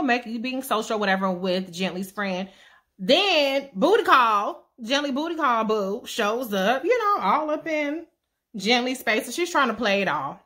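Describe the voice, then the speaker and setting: A woman's voice: on the high side, pushed and bright. A woman casually recapping a TV series with profane, sassy asides. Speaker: show recap vlogger.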